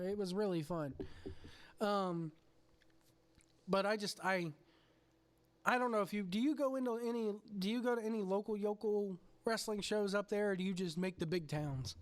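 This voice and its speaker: A man hosting a podcast, telling a story with lots of swearing. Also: high voice. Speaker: podcast host. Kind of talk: casual chat.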